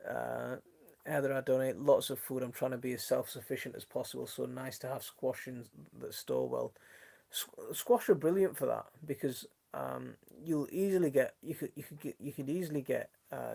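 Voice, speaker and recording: Gravelly-voiced man with a Yorkshire accent. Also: medium pitch, normal speed, a little mellow. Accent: mixed Leeds and Sheffield. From Northern England. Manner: chatty and friendly, trails off and restarts often. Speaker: gardening channel host. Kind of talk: casual live stream chat, reading out viewer comments. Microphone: phone.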